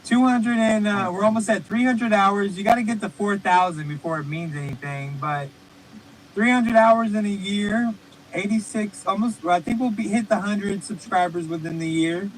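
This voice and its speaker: A man's voice: high voice, moderate pace, a little hiss or hum, low-quality recording. A man hosting a casual, profane online stream chat, talking loosely and rambling. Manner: loose, rambling, swears freely. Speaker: podcast host. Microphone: remote stream call.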